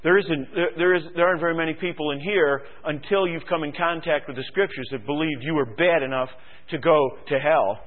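A man preaching a sermon, swinging from quiet musing to loud, fervent exhortation and firing rhetorical questions at the congregation. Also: fairly high pitch, a little fast. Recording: tinny phone-like radio broadcast.

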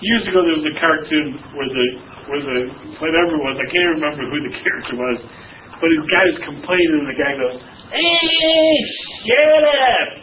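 A man's voice: a little high, fast talker. A man preaching informally to his church class, chatty and laughing often as he acts out quotes. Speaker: pastor teaching a Bible class. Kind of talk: informal sermon with anecdotes. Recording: distant tinny phone-like audio, faint noise.

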